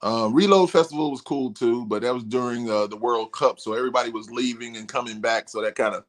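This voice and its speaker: A man guest on a podcast, telling road stories in a casual, animated way and acting out quotes in a raised voice. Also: medium pitch, quick pace. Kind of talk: casual storytelling.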